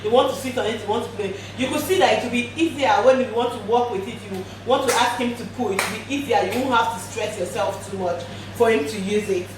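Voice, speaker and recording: A young woman chats through a home unboxing in a fairly high voice, gushing and repeating her words. The room is echoey and a steady noise sits behind her. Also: quick pace, hardly any pauses. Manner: chatty, repeats phrases, gushing about the product; turns high and sing-song when talking to her toddler. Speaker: vlogger reviewing a baby product. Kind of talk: casual product unboxing vlog.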